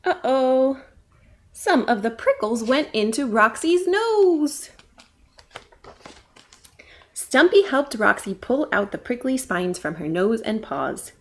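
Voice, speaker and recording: A woman's voice: fairly high pitch, very animated, slow. A woman librarian reading a picture book aloud at storytime, asking the kids questions. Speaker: children's librarian. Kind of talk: children's storytime read-aloud.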